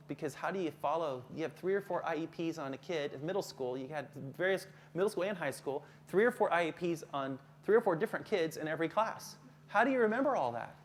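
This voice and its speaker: A man's voice: fairly high pitch, a little hiss or hum. Chatty middle-aged man leading a workshop. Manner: joking, conversational, asks the audience questions. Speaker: counselor giving a workshop to teachers. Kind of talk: live workshop talk.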